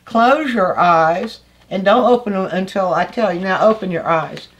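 A woman's voice: medium pitch, moderate pace. An older woman, an art teacher, patiently explaining a painting in a lesson, often restarting phrases and pointing out parts of the picture.

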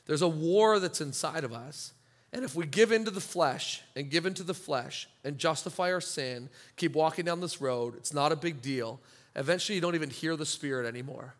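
A young man preaching a sermon as pastor, casual and animated, often acting out the voices of churchgoers. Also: a little high. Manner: animated, acts out congregants' inner voices.

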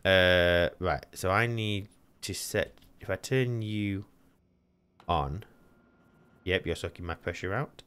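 A young man running frantic solo commentary on a game, talking to himself and repeating words fast. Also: sits low, fairly bright tone, slight background noise. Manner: panicky, talks to himself, repeats words rapidly. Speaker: gaming channel host.

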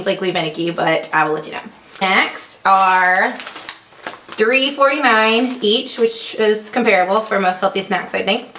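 A woman's voice: medium pitch, fairly bright tone. A young woman chatting through an unboxing vlog, upbeat and full of ums. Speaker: vlogger. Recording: echoey room, faint noise.

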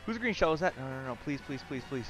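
A man casually chatting while streaming a kart racing game, excitable, swearing and shouting at the screen. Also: medium pitch, quick pace, soft background music. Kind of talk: casual live gaming chat.

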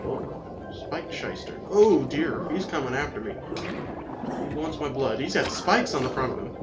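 A man's voice: fairly high pitch, moderate pace. Rambling gamer guy, roomy distant sound. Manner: chatty, rambling, excitable yelps when attacked. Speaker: let's-play host. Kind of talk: casual gameplay commentary. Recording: roomy, distant mic, game music behind. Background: game music.

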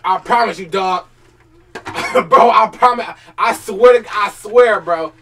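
A young man reacting to a video on a stream, talking casually with slang and swearing, loud and excitable. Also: high-pitched, slow, a little hiss or hum.

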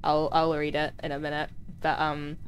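A woman's voice: completely flat delivery, moderate pace, slight background noise. A woman streaming a game, chatting casually with her viewers and teammates. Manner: chatty, talks to chat, voice jumps high when touched. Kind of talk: casual gaming livestream chat.

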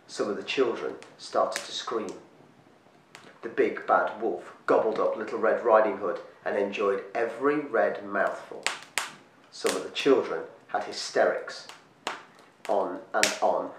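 Man reading a bedtime story, goes quiet n slow for the spooky bits, far from the mic, faint hiss. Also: fairly low pitch. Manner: slows and hushes for eerie moments. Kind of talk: storybook read-aloud. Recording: echoey room, distant mic, faint hiss.

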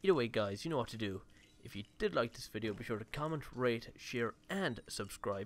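A man's voice: medium pitch, lively intonation, fairly quick, hardly any pauses. A man giving casual, rambling let's-play commentary on his own game session, with mild swearing. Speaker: gaming YouTuber.

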